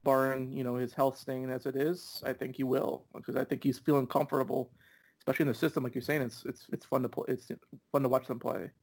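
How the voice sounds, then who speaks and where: Easygoing young guy on a soccer podcast, agrees a lot, middle pitch. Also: level tone, quick pace. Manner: easygoing, agreeable, many fillers. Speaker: podcast co-host. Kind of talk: casual soccer chat.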